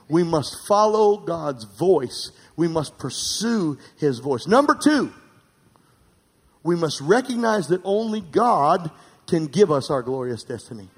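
High-voiced, fervent preaching man. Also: sing-song, slow pace, husky. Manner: rising to emphatic, near-shouting peaks and dropping to quiet asides; calls for amens from the congregation. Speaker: pastor. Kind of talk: sermon.

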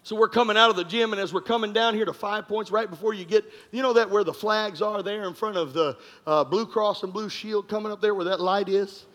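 Male pastor, animated sermon storytelling, crisp bright tone, humorous, shouts for emphasis. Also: high voice, fairly quick, hardly any pauses. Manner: animated, joking, breaks into shouts. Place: church congregation room.

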